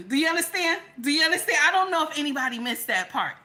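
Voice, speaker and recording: A middle-aged woman with a high-pitched, very animated voice hosts a commentary channel at a slightly fast clip. She sermonizes to her audience, restates her points, and alternates between loud and hushed tones.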